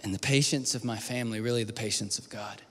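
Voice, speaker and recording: A man preaching a sermon, telling a personal story and moving from hushed near-whispers to loud pleading. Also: fairly low pitch, fairly even intonation, fast talker. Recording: long hall reverb with faint music.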